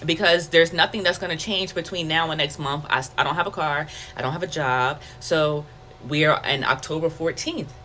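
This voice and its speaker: A woman's voice: deep voice, moderate pace, a little hiss or hum. A woman sharing a personal faith testimony in a candid, conversational way, acting out her own thoughts as she tells it. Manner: candid, conversational, animated storytelling with quoted self-talk. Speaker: testimony vlogger.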